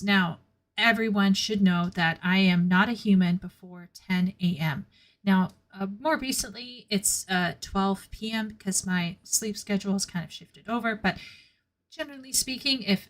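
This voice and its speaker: A woman's voice: mid-range voice, fairly bright tone. A woman streaming and chatting casually with her viewers, blunt and candid, often laughing at her own remarks. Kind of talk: casual chat with a live chat.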